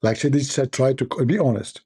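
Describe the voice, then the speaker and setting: A man hosting a live show who mocks a video in sarcastic, halting, full of fillers and repeats. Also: medium pitch, dark tone, slightly rough. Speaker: host. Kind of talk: mocking live commentary.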